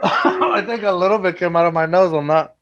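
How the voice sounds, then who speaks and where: Brief: joking male podcast host with a Mexican accent, slightly high voice, easygoing and loose. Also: fairly quick, lo-fi sound, over a noisy crowd. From Texas. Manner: laid-back, joking, swears freely. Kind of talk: casual chat.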